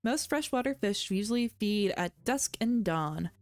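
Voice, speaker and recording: A woman voicing a confident, competitive fisherman dad in a lowered, broadcaster-like voice. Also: animated, measured pace, dry recording, natural voice. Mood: boastful. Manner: deeper put-on voice aiming for a broadcaster sound.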